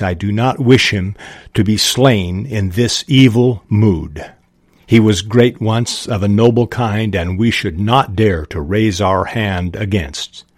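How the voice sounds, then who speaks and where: A merciful young hobbit, speaking calm and measured in a storybook passage, read by a man. The voice is lowish and dry. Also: no room sound.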